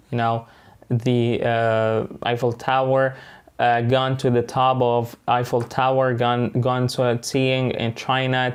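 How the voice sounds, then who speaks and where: A man's voice: mid-range voice, clear, resonant tone. A man with an Egyptian accent teaching an online English lesson, switching between English and Arabic and often checking in with "okay" and "right".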